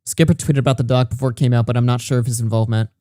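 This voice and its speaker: A man's voice: mid-range voice, fairly even intonation, rapid-fire, dark tone, no echo, studio quality. A young man streaming casual commentary, reading messages aloud with mocking asides and frequent laughter.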